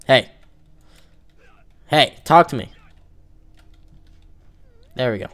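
A man's voice: medium pitch, lively intonation, takes it slowly, pauses often, fairly bright tone. A man giving casual let's-play commentary, teasing and joking with the game's characters as he plays. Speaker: gamer playing an online role-playing game.

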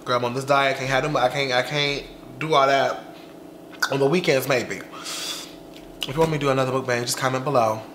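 In this casual mukbang vlog, a young man who has eaten his fill talks in a sassy, chatty way, stretching out slangy words. His medium-pitched voice is a bit bright with fairly even intonation, recorded in an echoey room with a little hiss or hum.

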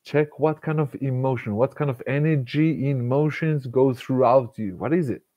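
A man, giving a casual, animated self-help talk and laughing often between thoughts. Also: medium pitch, normal speed, no room sound, highs cut off. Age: 40s. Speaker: motivational speaker.

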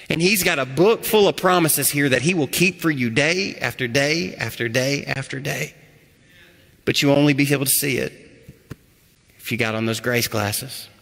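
A male pastor preaching a sermon, his voice swinging from loud to hushed. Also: fairly high pitch. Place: church sanctuary. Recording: echoey church hall.

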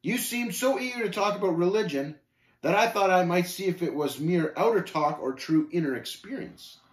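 A man's voice: sits high, normal speed, reverberant, voice pushed up. A man reading aloud and voicing a plain-spoken, earnest male pilgrim who speaks matter-of-factly. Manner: steady, matter-of-fact, earnest.

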